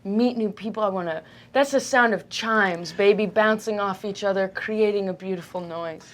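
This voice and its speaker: A woman playing her character in a tabletop game, bubbly and quick, often dropping into whispers. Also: medium pitch, a little hiss or hum. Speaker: player. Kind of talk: in-character tabletop role-play.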